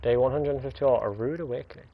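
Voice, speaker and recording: A woman chatting over her gameplay on a live stream. Her commentary is casual and blunt, full of swearing and quick asides. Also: a bass voice, muffled recording, slight background noise.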